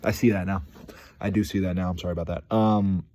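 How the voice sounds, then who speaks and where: A young vlogger rambles casually to his viewers in a deep voice at a quick pace, his intonation fairly even. The monologue is slangy and packed with fillers, he keeps calling people "dude", and there's background noise.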